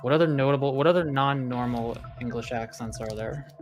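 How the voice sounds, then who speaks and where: Curious co-player firing off quick questions. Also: mid-range voice, faint music behind. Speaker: co-player and chat partner. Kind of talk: casual chat while gaming.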